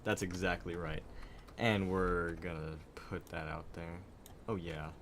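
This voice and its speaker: A man's voice: sits low, fairly even intonation, unhurried, fairly bright tone, slight background noise. A young man live-streaming, chatting casually and rambling in a frazzled way straight to his viewers. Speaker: livestreamer.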